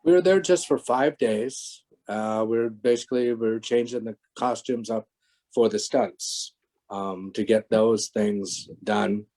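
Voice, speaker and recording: Older man, guest on a video call, warm low-key tone, rambling anecdotes. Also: measured pace, rough recording. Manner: rambling, many restarts. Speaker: guest, former stunt performer. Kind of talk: casual interview anecdotes.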